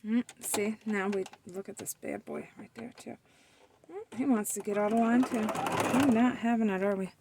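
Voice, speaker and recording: A woman's voice: on the high side, moderate pace, vocal fry, heavy background noise. A woman hosting a DIY sewing tutorial, chatting casually to herself and the fabric as she sews at her machine, playfully scolding it.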